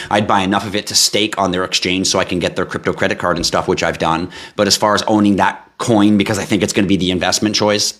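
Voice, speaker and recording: Deep-voiced blunt live-stream host. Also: male voice, a bit bright. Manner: blunt, offhand and joking. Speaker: host answering viewer questions.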